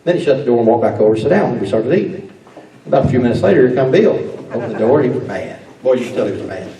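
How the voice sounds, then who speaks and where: A man's voice: medium pitch, animated, rapid-fire, warm tone. A man, a sheriff giving a folksy awards dinner speech, drawling and restarting words as he tells stories. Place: banquet hall. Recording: echoey hall recorded from far off.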